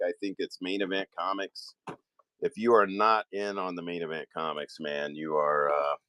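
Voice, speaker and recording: A man who owns a toy store, chatting casually through a live-stream auction, rambling with quick apologetic asides. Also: low voice, a bit bright. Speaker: toy store owner running online auctions. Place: indoor shop room.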